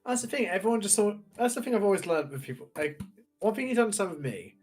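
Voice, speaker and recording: A man's voice: sits high, expressive, quick pace, a little mellow, faint music behind. A man with a Bristolian accent co-hosting a casual chat, rambling and restarting often. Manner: rambling, many restarts and fillers. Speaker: co-host.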